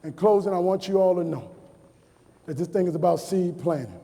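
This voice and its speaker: A high-pitched man in his forties from New Orleans gives a motivational speech to college students. He tells personal stories and repeats key lines for emphasis. His voice rings out with a long echo through a large hall. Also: fairly quick, creaky, dark tone. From New Orleans, USA. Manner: storytelling with emphatic repetition. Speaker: motivational speaker.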